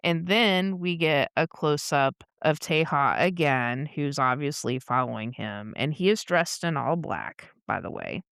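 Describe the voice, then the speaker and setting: A woman co-host talks unhurriedly through a comic recap in relaxed, casual chat, laughing and swearing freely. Her voice is smooth and clear with a close, dry sound. She keeps an animated storytelling manner. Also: low-pitched, measured pace, hardly any pauses, dry recording. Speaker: podcast co-host.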